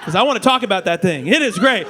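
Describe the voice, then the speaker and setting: A man in his thirties doing a stand-up comedy set on a club stage, animated and slipping into mock voices. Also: sits high, quick pace. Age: 30s. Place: comedy club stage before a live audience. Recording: live club audience faintly heard. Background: audience laughter.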